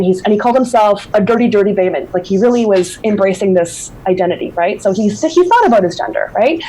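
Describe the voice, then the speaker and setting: A woman presents her research in a loose, chatty way, full of fillers and restarts. Her voice is mellow and relaxed, at a middling pitch. She comes through a video call. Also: low-quality recording. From Newfoundland. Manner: casual, many fillers and restarts. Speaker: invited speaker. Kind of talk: academic talk.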